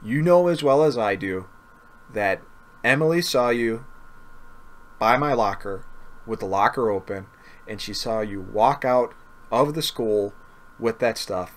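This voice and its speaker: A man's voice: lowish voice, a little slow, long pauses. A man casually telling a personal story to camera, earnest and often repeating himself or stumbling over words. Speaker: gaming video creator.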